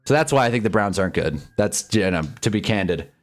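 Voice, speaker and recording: A young man commentating live on football games for his stream, ranting at the refs and reacting fast to each play. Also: on the low side, expressive, soft background music. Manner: frustrated, ranting, quick reactions. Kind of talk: live sports watch-along commentary.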